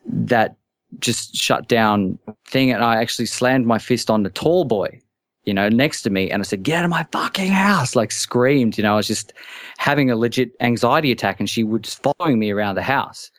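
A man's voice: lowish voice, dry recording, clean studio sound. A man calling in to a talk show, telling a personal story anxiously, stammering and restarting often. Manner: halting, stammering, many restarts. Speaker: caller.

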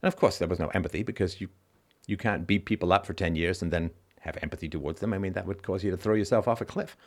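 A man's voice: deep voice, quick pace. A man hosting a call-in show, giving an emphatic philosophical monologue and repeating key lines for stress. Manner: briefly acts out other people's reactions in mocking voices.

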